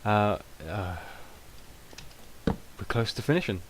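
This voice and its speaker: A man's voice: on the low side, animated, slow. A young British man giving rambling, self-mocking casual gameplay commentary, with many ums. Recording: noisy home recording.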